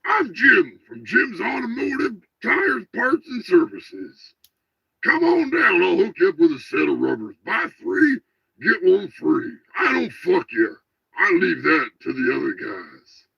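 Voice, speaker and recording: A man doing a raspy tire-shop pitchman. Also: sing-song, unhurried, dry recording, full character voice. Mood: folksy pitch. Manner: folksy sales patter, crude punchlines. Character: pushy small-town male tire shop pitchman. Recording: dull lo-fi, dry.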